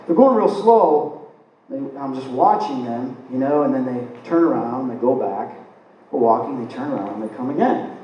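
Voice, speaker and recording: Male lecturer, live talk, animated storyteller who acts out the dialogue, distant mic in a very echoey room. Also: medium pitch, normal speed, lo-fi sound. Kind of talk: live spiritual lecture, personal anecdote. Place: event hall, recorded from the audience. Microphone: distant camera mic. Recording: echoey hall, distant mic, faint hiss.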